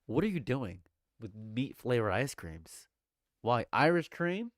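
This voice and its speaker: A young man in a casual live stream, talking over his reactions and teasing his chat. His voice leaps up into loud exclaimed questions, then drops to quiet mumbling, often repeating himself. The sound is dry and close, with no room echo. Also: sing-song, measured pace. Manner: swings between loud exclamations and low mutters; repeats phrases, banters with chat. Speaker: livestream commentator.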